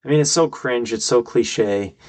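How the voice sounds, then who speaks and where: A man's voice: medium pitch, normal speed, darkish tone. A young man hosting his own podcast, giving emphatic, argumentative solo commentary and getting worked up. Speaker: podcast host.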